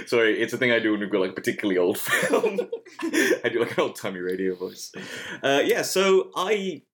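Man, podcast host, wry and joking, animated pitch. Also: fairly quick. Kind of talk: casual chat.

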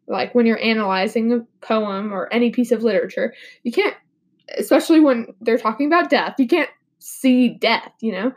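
Young woman, high voice, a little sick, earnest guest analyzing a poem. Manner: earnest, explanatory, with casual fillers. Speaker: podcast guest. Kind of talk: mock podcast poetry analysis.

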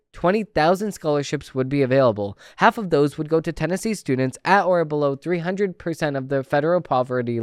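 A man with a somewhat high, resonant voice reads political news aloud on his podcast. He trips over a word here and there and breaks off into casual, opinionated commentary. The sound is dry, with no room echo. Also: clean tone. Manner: opinionated, conversational asides between read passages; stumbles and restarts words when reading. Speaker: podcast host.

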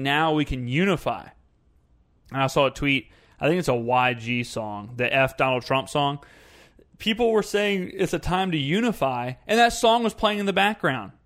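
A young man with a somewhat high voice ranting in a casual, animated way. He sounds exasperated and keeps piling up rhetorical questions like a streamer talking straight to his viewers. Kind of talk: casual political rant.

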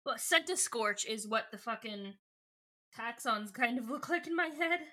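Woman, podcast co-host, casual chat, giggly, high voice, bright tone. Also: animated, normal speed. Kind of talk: casual chat and book recap.

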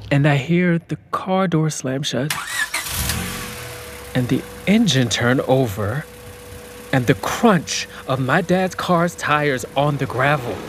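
A man's voice: a little high, expressive, slow, noisy background. A young man narrating his own story in an audio drama, reflective and subdued. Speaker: narrator and lead character.

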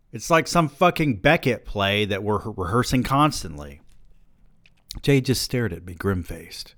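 A man's voice: lowish voice, expressive, a little slow, a bit bright, dry recording. A man reading a novel aloud on a podcast, with dry, profane, sardonic asides.

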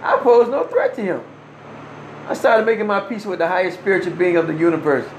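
A man's voice: high-pitched, lively intonation, brisk, a little hiss or hum. A man telling a first-person story in an earnest, emphatic way, with short restarts and wry laughs. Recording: roomy echo.

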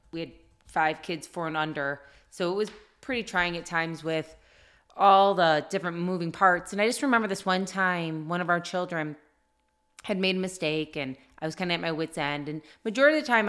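A woman's voice: fairly low pitch, fairly bright tone. A middle-aged woman in casual podcast chat, telling heartfelt family stories in an earnest way. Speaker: podcast co-host.

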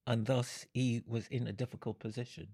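An older man answering audience questions, explaining his points in an unhurried, halting way and chuckling between them. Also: mid-range voice, little pitch movement, warm tone, husky. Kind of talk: Q and A talk.

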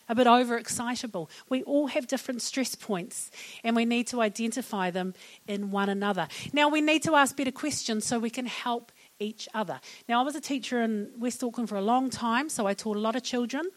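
A woman's voice: fairly high pitch, a little fast. A middle-aged woman with a New Zealand accent giving a humorous, chatty public talk on mental wellness to an audience. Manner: humorous and chatty, laughing at her own jokes.

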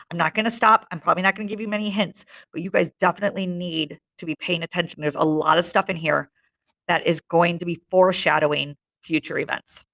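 A woman's voice: lowish voice, a bit bright. A young woman teacher reading a novel aloud to her class, breaking off to explain in a casual tone and checking in with her listeners.

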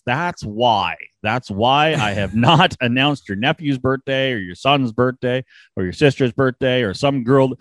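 A man hosting a wrestling podcast and chatting casually, rambling quickly with self-deprecating asides. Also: medium pitch, expressive, no echo. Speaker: podcast host and wrestling ring announcer.

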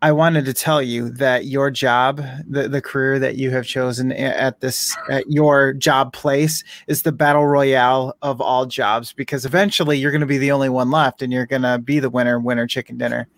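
A man's voice: medium pitch, level tone, moderate pace, few pauses, dry recording, clean studio sound. A man co-hosting a podcast, chatting in an easygoing, joking way. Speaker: podcast co-host. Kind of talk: casual chat.

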